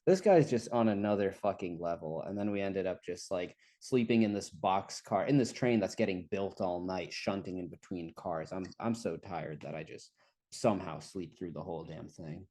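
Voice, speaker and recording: A young man with a fairly low voice tells a long, rambling story in casual conversation. He laughs often and swears freely as he goes. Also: steady tone, moderate pace, a little mellow. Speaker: guest storyteller. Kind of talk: casual chat.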